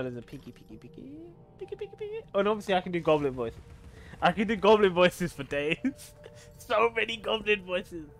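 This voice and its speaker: A man streaming a video game, chatting casually with viewers, swearing freely and laughing often. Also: high voice. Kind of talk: casual gaming stream chat.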